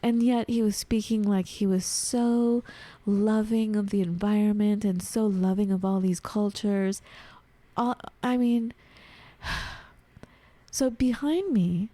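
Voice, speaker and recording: A woman guest on a podcast, telling a personal story in lively conversation, acting out the voices of people she quotes and using many filler words. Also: mid-range voice, dry recording. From United States. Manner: animated, acts out quoted voices, frequent "like".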